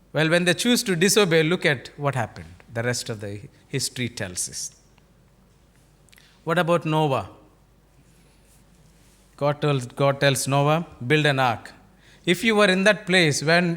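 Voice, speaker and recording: Indian-accented pastor preaching with rhetorical questions. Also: male voice, on the high side, pushed and bright. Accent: Indian English. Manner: storytelling, acting out dialogue in varied voices. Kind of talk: sermon.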